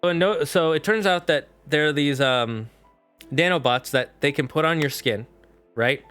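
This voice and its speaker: A man streaming live, chatting casually as he recaps a film in a rambling, animated way with lots of fillers. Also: fairly high pitch, a little slow, clear, resonant tone, soft background music.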